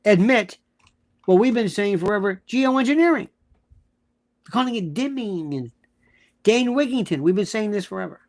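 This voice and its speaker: A man's voice: high voice, expressive, normal speed, pauses often. A man hosting a livestream, reading out viewer comments and answering them in a blunt, combative way with lots of rhetorical questions. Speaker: host and legal commentator.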